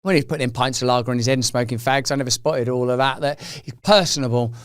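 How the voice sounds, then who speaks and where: A man's voice: medium pitch, steady tone, fast talker, fairly bright tone, clean tone, no echo. Sarcastic male host doing political commentary in a dry, close recording. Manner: sarcastic, mocking, slips into mock voices.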